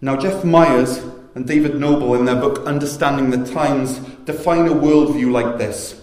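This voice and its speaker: A man's voice: mid-range voice, moderate pace, a little mellow. A man preaching a sermon as pastor, earnest and explanatory in a storytelling way. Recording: echoey room sound.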